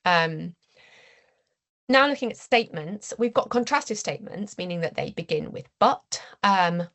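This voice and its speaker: A woman researcher giving an academic seminar presentation, explaining her findings in a measured way with frequent ums and restarts. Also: fairly low pitch.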